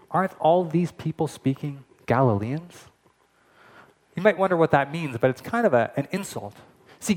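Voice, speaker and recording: A man pastor giving a lively, conversational sermon to a streamed church service, with casual asides. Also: fairly high pitch.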